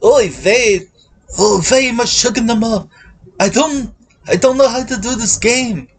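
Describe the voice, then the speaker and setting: A fretful old grandpa, as a man puts him on mutters and frets, utterly baffled by the game in front of him. His voice sits a bit higher than a plain speaking voice. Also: unhurried, slight background noise. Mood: flustered.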